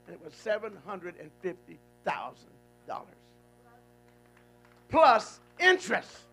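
A man's voice: a little high, expressive, normal speed, vocal fry, husky, faint music behind, low-quality recording. A man preaching a folksy, call-and-response sermon, emphatic and repetitive. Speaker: guest preacher.

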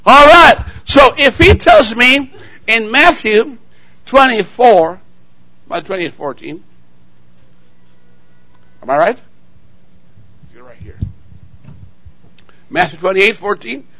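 A married man preaching a sermon, firing call-and-response questions at the congregation and swinging between loud exclamations and quiet asides. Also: very high voice, expressive, slow pace, long pauses, dry recording, poor audio. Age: adult, married.

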